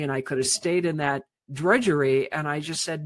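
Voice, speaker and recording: A man's voice: fairly high pitch, fairly even intonation, moderate pace, few pauses, dry recording. A man speaking earnestly and reflectively as a podcast guest.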